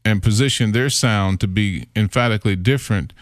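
A middle-aged man with a low, deep voice, recorded close and dry. He tells stories from his radio career in a relaxed, conversational way and slips into the voices of people he quotes. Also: brisk, no echo. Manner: animated storyteller who acts out quoted voices. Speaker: radio imaging voiceover artist. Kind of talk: casual interview storytelling.

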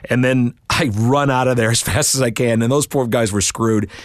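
A middle-aged man, a voiceover artist, telling work stories in an interview with animated asides and put-on voices. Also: medium pitch, normal speed, no room sound, clean studio sound. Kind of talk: storytelling interview.

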